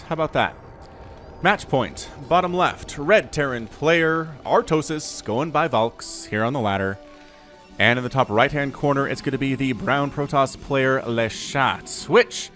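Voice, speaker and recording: A man casting a real-time strategy match with animated commentary and quick excited bursts. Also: mid-range voice. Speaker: StarCraft caster.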